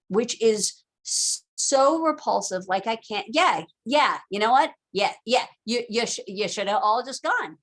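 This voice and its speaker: Lady lecturing casually, lots of likes and you knows, super lively pitch. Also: unhurried, hardly any pauses. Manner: chatty, animated, lots of fillers and asides. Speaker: teacher.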